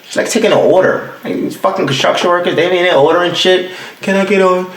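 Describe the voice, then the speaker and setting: A fast-talking young adult man with a voice that sits high hosts his podcast at home, the heat off and the room sounding roomy. It's a casual, profane solo rant, full of animated stories and acted-out quotes.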